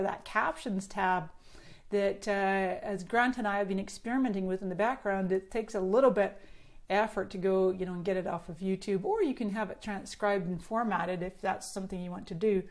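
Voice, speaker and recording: A woman's voice: mid-range voice, a little mellow. A middle-aged woman with a Scottish-Canadian accent, chatting bubbly and casually on a live stream and answering viewer comments, filmed on a phone on a selfie stick. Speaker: social media marketing host.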